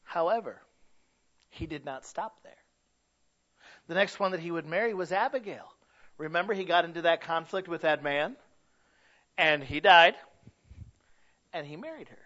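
A man preaching a sermon, telling stories and building to loud, emphatic points. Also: on the high side, normal speed, long pauses. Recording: dull lo-fi recording.

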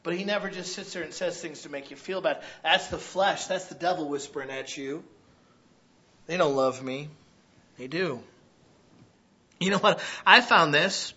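A man preaching a sermon as pastor, loud and conversational, often checking in with the congregation. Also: fairly high pitch, normal speed, highs cut off. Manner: loud, conversational preaching with frequent "right?" asides.

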